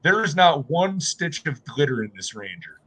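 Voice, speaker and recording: A man hosting a casual livestream, telling animated stories and pitching gear. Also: moderate pace. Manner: animated storytelling, salesy pitches. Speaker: host.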